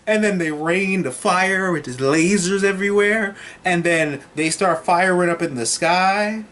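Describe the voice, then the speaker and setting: An excitable male movie reviewer recapping a film in a slightly high voice. He rambles and swears freely, talking to the camera like he is chatting with friends. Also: unhurried.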